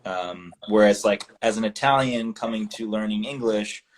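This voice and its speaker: A man's voice: on the low side, normal speed. A man in his thirties chatting casually on a live stream, explaining things in an easygoing way with fillers. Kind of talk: casual chat.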